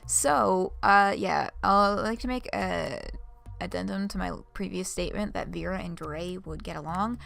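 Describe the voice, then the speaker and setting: A woman streaming a game, chatting casually with her viewers and thinking out loud. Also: lowish voice, normal speed, creaky, no echo, soft background music. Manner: chatty, giggly, talks to chat. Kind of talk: casual let's-play chat.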